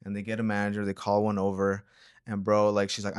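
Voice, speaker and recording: Laid-back low-voiced young man telling a story. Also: monotone, quick pace, clean tone, no echo, clean studio sound. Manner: laid-back, rambling, lots of filler and slang. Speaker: co-host of a reaction channel. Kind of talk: casual storytelling chat.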